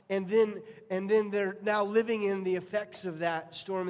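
A man's voice: high voice, a little mellow. A male pastor preaching a sermon, earnest and storytelling, often restarting his phrases. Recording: long hall reverb.

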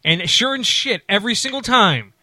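This casual tale comes from a man whose forceful, bright voice runs a touch high for a male. The room is dry and close, with no room sound. He wanders and restarts often, animatedly throwing in quick voices for the people he quotes.

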